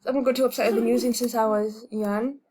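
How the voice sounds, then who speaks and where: A woman with a slightly high voice talks through a casual video lesson in a relaxed way. She hesitates often, fills gaps with ums, and repeats sounds slowly as she demonstrates them. She is a native English speaker. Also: slightly rough. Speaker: language tutorial host.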